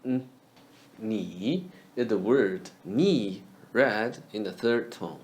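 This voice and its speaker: A young man teaching Chinese pronunciation in a scripted lesson, saying each sound clearly and repeating it slowly for learners. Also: lowish voice, darkish tone.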